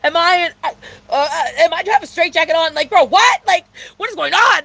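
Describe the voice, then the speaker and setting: Young woman vlogger, high bright voice, dramatic profane storytime rant. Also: lively intonation, moderate pace, creaky, a little hiss or hum. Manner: dramatic, profane, heavy filler slang.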